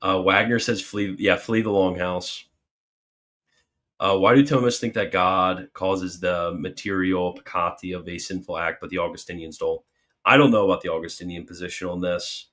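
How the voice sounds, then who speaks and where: A man's voice: low-pitched, fairly even intonation, normal speed, fairly bright tone. A man hosting a casual livestream Q&A, reading viewer questions aloud and answering them with jokey mock alarm and then earnest explanation. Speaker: livestream host answering super chats.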